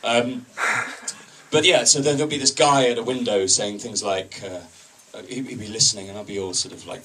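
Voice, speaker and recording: A man's voice: lowish voice, fairly even intonation, a little fast, a bit bright, far from the mic, slight background noise. A man doing open-mic stand-up in a comedy club, chatty with the crowd and wryly self-deprecating.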